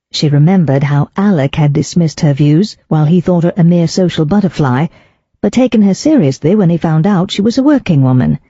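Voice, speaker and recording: Measured storybook narrator, warm and husky, close dry sound. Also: mid-range voice, no room sound, highs cut off. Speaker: audiobook narrator. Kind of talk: scripted narration.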